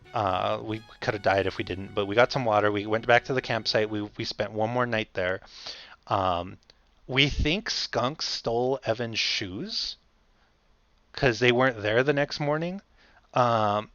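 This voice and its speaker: A man's voice: lowish voice, fairly bright tone, dry recording. A man streamer telling a story in a casual, rambling way, often correcting himself and chuckling. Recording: slightly dull audio, faint music. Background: faint music.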